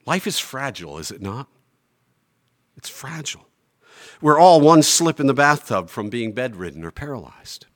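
A man preaching a sermon from the pulpit. He leans on key phrases, drawing them out slowly. His volume swings from ringing declarations down to hushed, quiet asides. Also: medium pitch, big pitch swings. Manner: emphatic, slows down on key phrases. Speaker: pastor.

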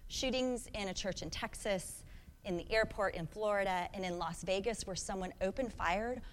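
A woman's voice: medium pitch, normal speed. Female pastor in her thirties, earnest reflective sermon, long hall reverb, faint room noise. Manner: earnest, reflective, with rhetorical questions to the congregation.

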